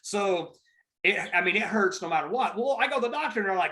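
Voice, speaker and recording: A man's voice: sits high, animated, fast talker, pushed and bright, poor audio. A man hosting a casual podcast chat, telling stories in a rambling, emphatic and heavily profane way. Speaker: podcast host.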